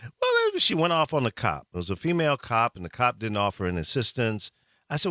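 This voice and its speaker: A male talk-show host with a bright, forceful voice, telling a long story in loose, chatty fashion. His pitch swings freely while he chuckles at his own jokes. The sound is close and dry. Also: sing-song, fast talker, no room sound. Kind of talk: casual storytelling chat.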